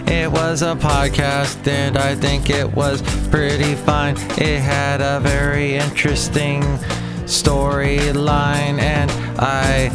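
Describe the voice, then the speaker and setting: A man's voice: fairly high pitch, monotone, slow, loud music behind the voice. A man hosting his own daily podcast, rambling goofily between topics and silly bits. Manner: goofy, digressive, sings and shouts bits. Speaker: podcast host.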